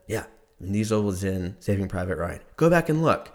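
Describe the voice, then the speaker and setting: A man's voice: lowish voice, fairly quick, darkish tone. A young man telling a rambling, profane story in a casual monologue, laughing often as he goes.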